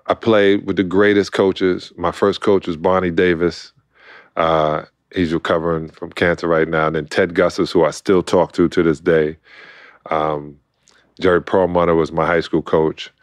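A middle-aged man from Brooklyn, an animated storyteller who acts out quotes and laughs often, talking as a guest in a casual interview. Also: sits low, smooth, no echo. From Brooklyn, New York. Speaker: guest, former basketball player.

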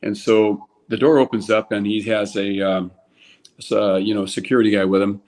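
A man's voice: on the low side, moderate pace. An older man from California, a former ballplayer, telling anecdotes casually and animatedly, with many restarts. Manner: animated anecdote teller, lots of restarts, voices people in quotes. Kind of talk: casual storytelling.

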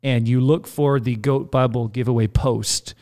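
Relaxed man co-hosting a faith podcast. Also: medium pitch, a little slow. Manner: relaxed, reads listener comments aloud. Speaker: podcast co-host. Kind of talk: casual podcast chat.

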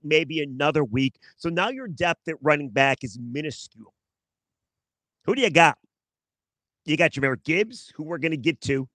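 A man's voice: a little high, fairly bright tone, no room sound. A man hosting a sports talk show, delivering a sarcastic, self-mocking monologue outdoors in his backyard and talking straight to his listeners. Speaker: sports radio host.

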